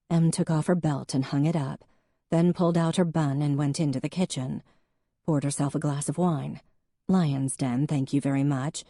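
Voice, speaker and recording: Woman audiobook narrator, low warm voice, dry close recording, measured delivery. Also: dry recording. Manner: even, measured storytelling.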